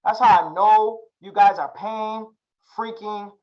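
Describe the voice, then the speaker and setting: A man's voice: sits high, takes it slowly, a little mellow, highs cut off. A young man teaching a live chart-reading class, slangy and hyped, drilling his students with repeated questions. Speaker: trading instructor.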